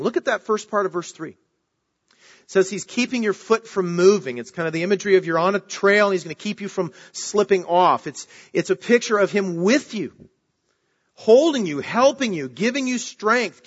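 A man's voice: high-pitched, a bit bright. A male pastor preaching a sermon in a conversational way, rising for emphasis on key phrases. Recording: dull lo-fi recording.

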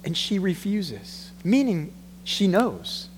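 A man preaching a sermon in a church, animated, acting out the voices he quotes. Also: high voice, slow, big-room sound, a little hiss or hum. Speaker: pastor.

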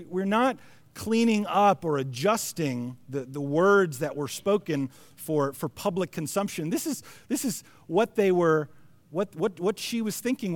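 Joking, conversational preacher, high-voiced man. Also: dry recording. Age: 40s. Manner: conversational, joking, halting restarts. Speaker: pastor. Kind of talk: sermon.

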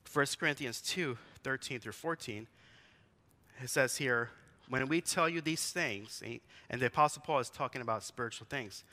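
A man's voice: medium pitch, bright, forceful tone. A man in his forties, a pastor giving a conversational sermon in a church, telling stories and asking the congregation questions. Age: 40s.

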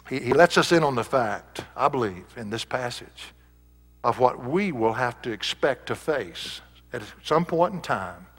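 A man's voice: mid-range voice, fairly bright tone, in a large hall. A male pastor preaching a sermon, reading scripture aloud and building to emphatic peaks.

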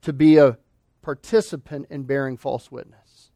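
A man preaching a sermon, emphatic, asking rhetorical questions and swinging between loud declarations and hushed asides. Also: medium pitch, steady tone, normal speed, no echo, clean studio sound. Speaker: pastor.

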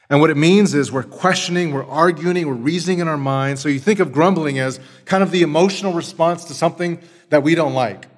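A man, a father, preaching a sermon as pastor, asking rhetorical questions and swinging from forceful emphasis to hushed tenderness. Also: a little high.

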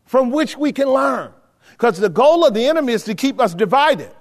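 Man, pastor, very high voice, conversational sermon, checks in with the congregation, long hall reverb. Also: lively intonation, normal speed. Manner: conversational preaching, checking in with the room. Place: church hall with a live audience.

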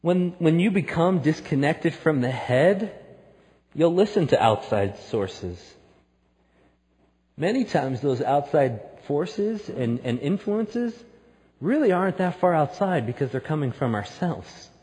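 A man preaching a sermon, telling a story that builds to loud, emphatic peaks. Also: a little high, sing-song, unhurried, long reverb tail. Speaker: pastor.

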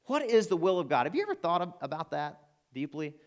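A man's voice: a little high, very animated, quick pace. A man with an Arkansas accent preaching a sermon to his church, earnest and emphatic, building to passionate appeals. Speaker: pastor.

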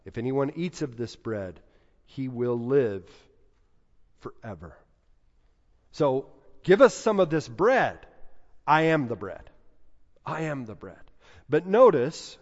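Slow-preaching man in a reverberant hall. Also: medium pitch, darkish tone. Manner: measured preaching with emphatic repeated phrases. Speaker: pastor. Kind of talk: sermon. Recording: dull sound in a reverberant hall.

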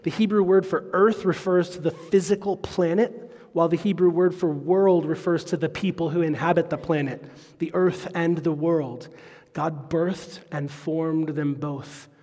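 Male pastor, unhurried expository sermon, reverb-heavy sanctuary sound. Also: on the high side, steady tone, darkish tone. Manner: expository preaching, quoting scripture.

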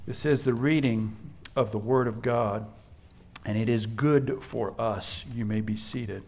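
This male pastor delivers his sermon a little slowly in a medium-pitched voice, hammering key words through repetition. He swings between loud and hushed and drops in folksy storytelling asides.

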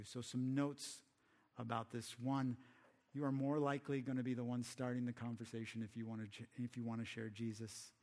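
A male preacher delivering a sermon in a conversational manner. He often asks the audience rhetorical questions, and his voice sits in a medium pitch. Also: little pitch movement, normal speed, a little mellow.

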